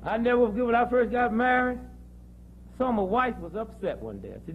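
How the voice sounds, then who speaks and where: High-voiced man lecturing with jokes. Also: lively intonation, a little fast, lo-fi sound, slight background noise. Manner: preachy, joking, storytelling. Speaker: speaker. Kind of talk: comic health lecture to an audience.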